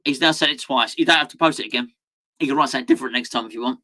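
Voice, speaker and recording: Rapid-fire delivery marks this medium-pitched host, whose voice is pushed and bright. Running a live football watchalong, he chats casually, reads out the chat, laughs frequently, and blurts out sudden exclamations.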